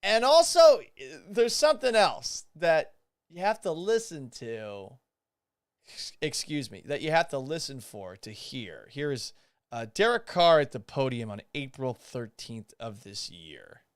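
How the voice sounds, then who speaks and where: Animated, smooth-voiced male sports host. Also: on the high side, a little slow, no echo, clean studio sound. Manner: animated, sarcastic, swears for emphasis. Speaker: podcast host. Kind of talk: sports talk show monologue.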